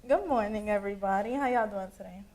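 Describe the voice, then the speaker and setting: A woman's voice: mid-range voice, fast talker, very noisy. A young woman giving a casual, chatty conference presentation to a room, laughing easily as she talks. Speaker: student presenter.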